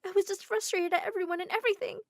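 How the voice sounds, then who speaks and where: A woman's voice: extremely high pitch, steady tone, racing, no echo, clean studio sound, pitched above the performer's own voice. A woman voicing a remorseful young bride who is crying as she speaks. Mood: tearful.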